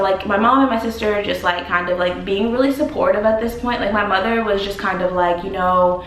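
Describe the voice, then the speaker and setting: A young woman talks through a personal story for her vlog in a loose, rambling way, filling it with "like" and acting out the voices of others. Her pitch sits in an ordinary middle range. The room around her adds a noticeable echo. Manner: chatty, heavy use of "like", animated quoting of others. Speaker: vlogger. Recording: roomy echo.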